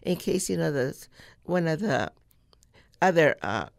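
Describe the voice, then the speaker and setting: A woman in her eighties from California, a radio interview guest recounting childhood memories in a reflective, halting way. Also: deep voice, very animated, gravelly, dry recording, studio quality. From California, United States. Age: 80s. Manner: storytelling, reflective, halting with fillers. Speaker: guest, civil rights activist.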